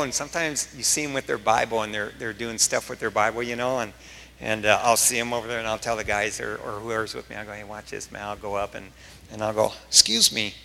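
Gravelly, bright-voiced man preaching in a hall. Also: medium pitch, a little hiss or hum. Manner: emphatic, storytelling, with rising bursts of excitement. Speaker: pastor. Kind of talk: verse-by-verse sermon.

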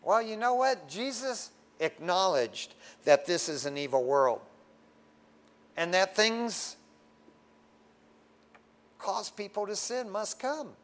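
A man with a high voice preaches to a congregation in a loose, street-level way. He talks straight and plain, like a brother, and keeps dropping "man" into his lines. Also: sing-song, takes it slowly, long pauses. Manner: folksy and frank, often tags lines with "man". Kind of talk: casual sermon. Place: standing before a congregation.

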